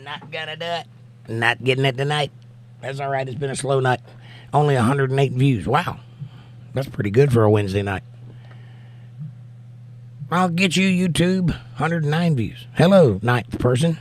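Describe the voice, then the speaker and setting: A man's voice: medium pitch, moderate pace, long pauses. A tired middle-aged man hosting a casual live stream, reading viewer comments aloud and answering them with laid-back, wry remarks. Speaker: livestream host.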